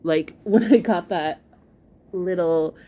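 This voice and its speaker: A woman's voice: on the low side, slow pace, dark tone, muffled recording. A woman giving chatty, gossipy reaction commentary on a video, full of "like" fillers. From New York. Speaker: commentary vlogger.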